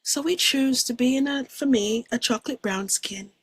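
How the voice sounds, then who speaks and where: A soft-spoken woman speaks as a guest about a spiritual experience, earnest and reflective, often sinking into a near-hush. Her voice is husky and breathy, and the recording is dry and close with no room sound. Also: on the high side, normal speed, no echo. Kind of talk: personal spiritual testimony.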